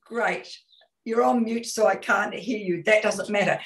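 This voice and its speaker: A woman from New Zealand leads an online coaching session, speaking over a video call. She is energetic and direct, and asks her listeners many questions. Her voice sits in the middle of the range. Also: medium pitch, a little slow, low-quality recording. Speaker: communication consultant. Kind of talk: webinar coaching talk.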